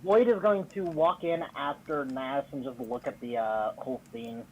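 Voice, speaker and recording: A man's voice: medium pitch, moderate pace, a little hiss or hum, rough recording. A man playing in a tabletop game, somewhat hesitant in his turns. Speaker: player. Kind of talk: casual tabletop game play.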